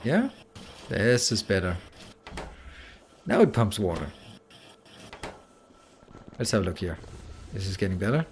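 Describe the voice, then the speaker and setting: A man's voice: fairly low pitch, very animated, unhurried, pauses often, slight background noise. A game streamer talking to himself while he plays, muttering and breaking into exasperated outbursts, with a Danish accent. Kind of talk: live gameplay commentary.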